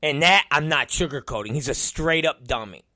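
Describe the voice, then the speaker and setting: A man's voice: a little high, normal speed, pushed and bright, no room sound, clean studio sound. A middle-aged man hosting a podcast, telling an exasperated story in a profane, casual rant. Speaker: podcast host and wrestling promoter.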